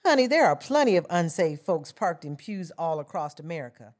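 A woman's voice: lowish voice, big pitch swings, brisk, darkish tone. A woman narrator voicing a plain-spoken, teasing church-going sister with a sassy, folksy manner. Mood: preachy.

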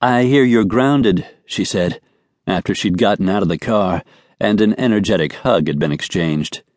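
A man narrating a romance audiobook in an even, measured way. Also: low-pitched, no echo. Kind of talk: scripted narration. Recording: dry studio recording.

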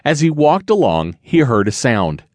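A man narrating a children's storybook audiobook in a gentle, expressive storytelling manner. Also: mid-range voice, normal speed.

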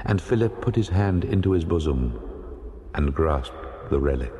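Very deep male narrator, slow dramatic audiobook reading, long reverb. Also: animated, dark tone, dull audio. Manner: measured, dramatic storytelling. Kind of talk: scripted narration of a classic novel.

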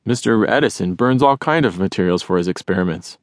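A friendly, patient adult helper in a children's story, read by a male narrator. He explains things calmly in a fairly low voice. The sound is close and dry. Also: brisk, no room sound. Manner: calm, explaining. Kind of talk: audiobook character voice.

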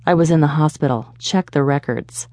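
A woman voicing a menacing, angry middle-aged male politician who speaks slowly and low. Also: dark tone, no echo, clean studio sound, close to an everyday voice. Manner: slow, low and threatening.

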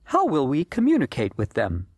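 A man's voice: on the high side, huge pitch swings, breathy edge, no room sound, studio quality, exaggerated voice. A man doing a clever, precise young boy. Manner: measured and precise.

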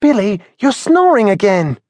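Teasing young boy sparrow, voiced by a man, high and lively, close dry sound. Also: normal speed, dry recording.

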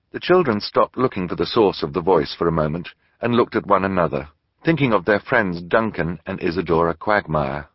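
Theatrical man reading a kids' book, lowish husky voice, muffled dry recording. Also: lively intonation, a little fast, dry recording. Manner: theatrical storytelling. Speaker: audiobook narrator. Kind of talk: scripted narration.

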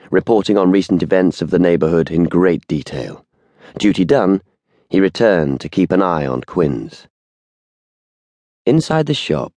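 A man narrating an audiobook in a steady, measured storytelling manner, close to the mic. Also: low voice, dry recording.

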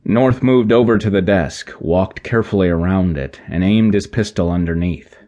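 A man narrating an action sci-fi audiobook in a measured, even way. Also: sits low, lo-fi sound. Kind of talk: scripted narration.

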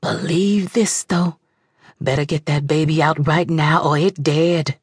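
A woman's voice: deep voice, unhurried, husky, no echo, clean studio sound, heavily acted. A woman voicing an ancestral spirit that gives a blunt warning in dialect.

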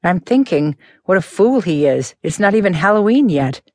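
A woman's voice: on the low side, sing-song, moderate pace, darkish tone, no room sound, studio quality. A woman doing a cool, teasing teen boy.

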